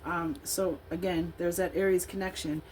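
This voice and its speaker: A woman in her fifties gives a relaxed tarot reading with a somewhat low voice. She wanders off into chatty asides before returning to read the card text aloud. A faint hiss sits under her voice. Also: moderate pace, low-quality recording. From Illinois, USA. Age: 50s.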